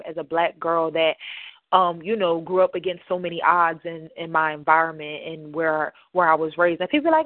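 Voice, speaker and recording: A woman's voice: mid-range voice, moderate pace, no echo. A woman talking earnestly and reflectively in a podcast conversation, thinking aloud as she goes. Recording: tinny phone-like line, dry.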